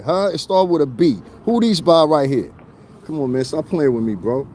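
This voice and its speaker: A man with a fairly high, animated, darkish voice talks at a normal pace while livestreaming outdoors beside a street. The vlogger rants casually at his viewers, mocking and confrontational, and laughs often.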